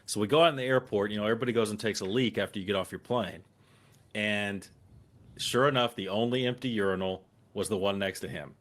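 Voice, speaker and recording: A man with a somewhat low voice tells stories on a casual podcast. He is animated and profane, and he acts out what people said. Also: fast talker. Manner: animated, profane anecdote-telling with acted-out quotes. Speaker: occasional co-host.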